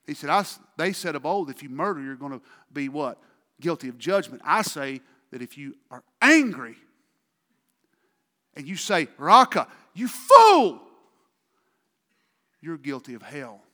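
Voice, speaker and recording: Male pastor, sermon; bright, lively delivery with shouted peaks. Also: on the high side, normal speed, long reverb tail. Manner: preaching with sudden shouted outbursts and quiet asides.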